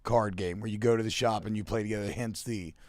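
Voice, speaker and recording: A man's voice: lowish voice, steady tone, fast talker, darkish tone. A young man from Louisiana chatting casually as a guest, rambling with lots of fillers and restarts. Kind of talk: casual chat.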